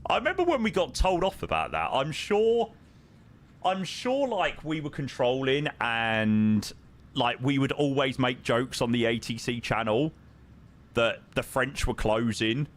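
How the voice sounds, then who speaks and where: A young man chats casually and jokes with his viewers while flying. His pitch moves around a lot as he talks. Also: big pitch swings, unhurried. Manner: chatty and joking, sings along to music. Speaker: flight sim streamer. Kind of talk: casual chat.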